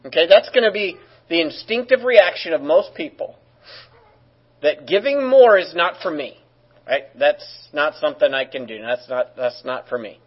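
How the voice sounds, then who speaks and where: Speaking at a normal speed, a male pastor gives a sermon in an easygoing, conversational style, slipping in joking asides. His voice is slightly high with a husky edge, and the recording comes across as somewhat dull and lo-fi.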